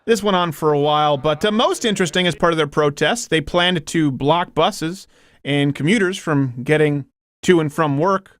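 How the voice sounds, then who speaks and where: A man's voice: a little high, moderate pace, a bit bright, no room sound. A man giving sarcastic voice-over narration in a dry, mocking tone.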